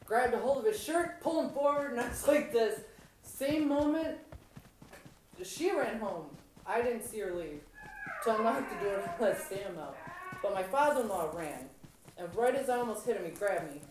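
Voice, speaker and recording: A woman telling blunt, profanity-laced stories in a casual chat, animated when retelling. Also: on the high side, moderate pace. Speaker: mother telling stories while gaming. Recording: echoey room, far from mic, background noise.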